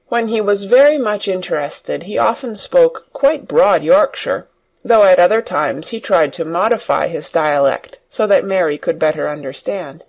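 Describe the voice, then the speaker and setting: Audiobook narrator for learners, clear, lots of ups and downs in the voice. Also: mid-range voice, expressive, moderate pace.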